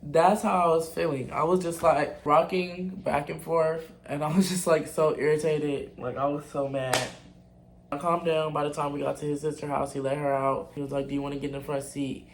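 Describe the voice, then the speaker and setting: A man's voice: a little high, steady tone, normal speed, creaky, background noise. A young man telling a casual storytime to his viewers, candid, blunt and full of profanity. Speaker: vlogger.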